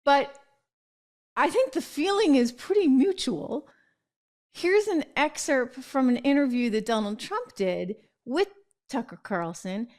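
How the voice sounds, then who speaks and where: A woman's voice: high-pitched, lively intonation, unhurried, darkish tone. A middle-aged woman host chatting and telling a story in casual commentary. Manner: chatty storytelling with fillers and laughs.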